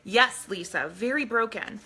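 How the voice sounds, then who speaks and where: A woman's voice: on the high side, measured pace, gravelly, sharp tone, husky. A woman hosting a casual live stream, talking earnestly to her viewers and reading aloud from a book. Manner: earnest, addresses viewers directly.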